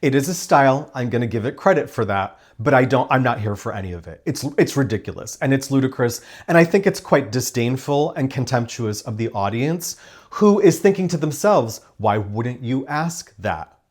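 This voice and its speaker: A man's voice: medium pitch, expressive, a little fast, husky. Opinionated man reviewing a TV show. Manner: emphatic and opinionated, acts out quoted lines; sarcastic, dismissive asides. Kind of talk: casual spoken review.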